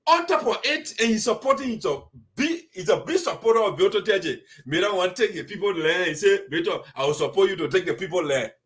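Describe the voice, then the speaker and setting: Liberian male show host, high-pitched, animated and indignant, chatty commentary. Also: fast talker, few pauses. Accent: Liberian English. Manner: animated, laughing, indignant asides. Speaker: host of diaspora community show. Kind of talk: casual commentary.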